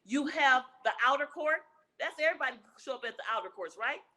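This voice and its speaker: Bright, emphatic woman relationship expert. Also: high voice, animated, fast talker, rough recording. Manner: emphatic, preacher-like, repeats key phrases. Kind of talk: conversational interview answers.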